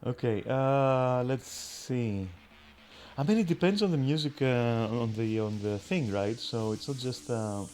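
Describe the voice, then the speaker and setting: Over faint game music, a male streamer gives casual commentary on his gameplay for viewers, cracking crude jokes and swearing a lot. His voice is medium-pitched and a little mellow, and he speaks at a measured pace.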